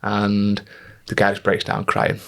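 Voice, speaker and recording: Male podcast co-host, 30s, lowish chatty storyteller. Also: monotone, a little slow, creaky, a bit bright. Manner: chatty storyteller, acts out quoted voices. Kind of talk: casual chat.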